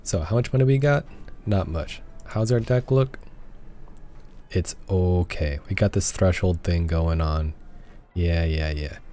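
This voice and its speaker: A man's voice: low-pitched, unhurried, dark tone. A man hosting a casual let's play, joking and reading game dialogue aloud. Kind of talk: casual gameplay commentary.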